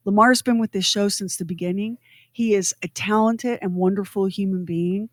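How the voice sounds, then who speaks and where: A woman's voice: mid-range voice, steady tone, moderate pace, no room sound. A woman co-hosting a radio show, ranting sarcastically and laughing between lines. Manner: exasperated, sarcastic rant with laughs. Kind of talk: casual radio chat.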